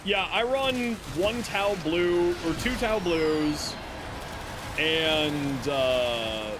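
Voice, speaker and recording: A man's voice: a little high, very slow, noisy background. A male streamer chatting casually to his viewers while playing, rambling and joking at his own expense. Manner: rambling, self-mocking, talks to chat. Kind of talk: casual gaming livestream chatter.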